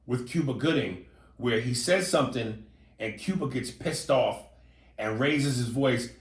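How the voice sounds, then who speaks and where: In a casual chat, a male podcast co-host who has had a few drinks sounds animated, swinging between low mumbles and excited outbursts. He talks a little slowly, and the recording has a roomy echo.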